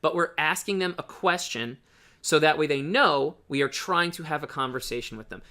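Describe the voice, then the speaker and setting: A man with a bright, slightly high voice explains his dating method in a loose, casual way. He talks bluntly and keeps tossing in quick "right?" check-ins. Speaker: dating coach. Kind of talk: casual instructional talk.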